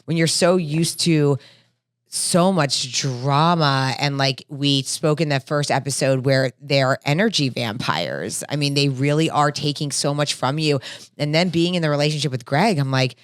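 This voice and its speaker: Low-voiced woman telling stories animatedly. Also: a little slow, clear, resonant tone, no room sound, clean studio sound. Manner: animated storytelling, acting out her own thoughts. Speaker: podcast co-host. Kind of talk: casual podcast chat.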